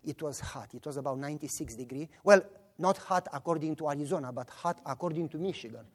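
With a Romanian accent and a voice on the high side, a man preaches fast, telling animated stories in which he voices each character.

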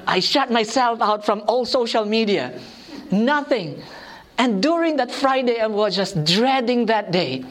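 A woman preaching a sermon, telling personal stories in an animated, self-mocking way and laughing often. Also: a little high, a little slow.

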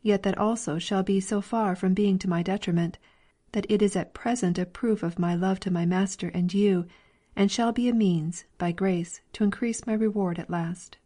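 A woman reading a classic allegory aloud in a calm, measured storybook manner, voicing the characters plainly. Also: medium pitch. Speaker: reader. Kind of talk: scripted narration of a classic allegory.

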